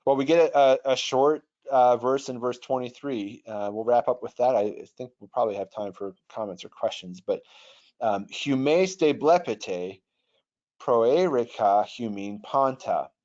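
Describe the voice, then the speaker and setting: A man's voice: mid-range voice, fairly even intonation, normal speed, darkish tone. A man teaching Greek grammar in an online webinar, patient and thoughtful, often restarting his sentences. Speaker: online Bible software trainer. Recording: dull lo-fi webinar audio.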